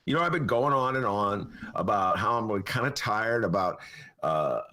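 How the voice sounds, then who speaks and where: A man's voice: on the low side, lively intonation, normal speed, bright, forceful tone. A man in his sixties hosting a podcast, chatting casually in a rambling, opinionated way. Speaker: podcast host. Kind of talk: casual chat.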